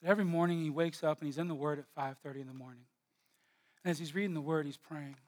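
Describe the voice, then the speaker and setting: A man's voice: a little high, fairly even intonation, quick pace, darkish tone. A man preaching a sermon, driving his points home with emphatic repeated phrases.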